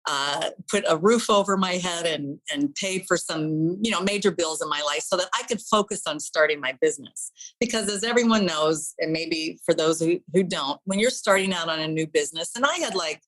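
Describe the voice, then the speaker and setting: Woman, middle-aged, interview guest, slightly low voice, earnest, heartfelt. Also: fairly bright tone, rough recording. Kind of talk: telling her story in an interview.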